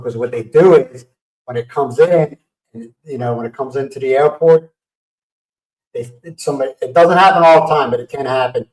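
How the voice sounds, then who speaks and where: A man hosting a casual livestream who tells stories in a lively way and acts out what people said. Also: mid-range voice, moderate pace. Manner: animated storyteller acting out quotes. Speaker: livestream host. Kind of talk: casual storytelling chat. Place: home livestream setup. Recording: roomy sound from a distant mic.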